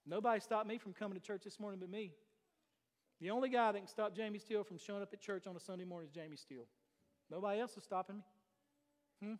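A man preaching a sermon as pastor. He swings between loud declarations and hushed asides and asks many rhetorical questions. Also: high voice, big-room sound. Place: church sanctuary.

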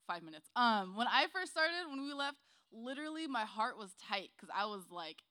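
A woman's voice: on the high side, sing-song, normal speed, bright, forceful tone. Chatty giggly young-sounding woman. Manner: chatty, giggly, lots of "like" fillers. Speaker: church group member sharing a testimony. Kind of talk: casual spoken testimony.

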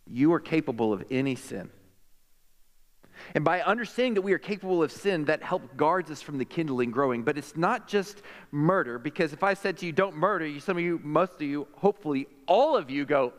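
A man preaching a sermon to a congregation, animated and jokey, with quick asides to the crowd. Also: fairly high pitch, big-room sound. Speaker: pastor.

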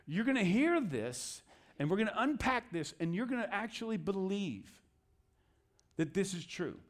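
A man who is a pastor, preaching a sermon in an animated way and acting out inner voices with asides. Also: sits high, normal speed.

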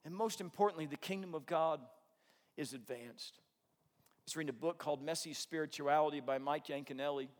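A man preaching a sermon, telling a story with earnest, animated delivery. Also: a little high, a little fast. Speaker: pastor. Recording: long hall reverb.

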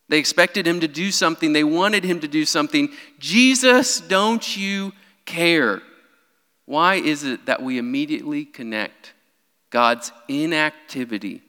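Young pastor guy preaching, bright tense voice, big church reverb. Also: on the high side. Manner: animated preaching, rising for quoted cries. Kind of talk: sermon. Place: church sanctuary. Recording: long hall reverb.

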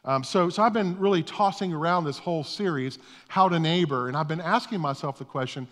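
A man's voice: fairly high pitch, quick pace, few pauses, a bit bright. A middle-aged male pastor giving a conversational, self-deprecating sermon, often repeating his words as he starts a thought. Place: church sanctuary. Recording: long reverb of a church hall.

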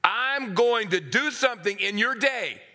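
High bright guy preaching, goes from whispery to loud and back. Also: expressive, measured pace. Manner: dramatic, swings from hushed to loud acted voices. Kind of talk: sermon.

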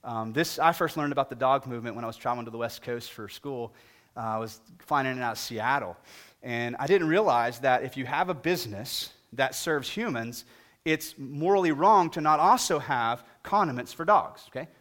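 A middle-aged male pastor preaching a sermon and telling a humorous story with animated delivery. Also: mid-range voice, moderate pace.

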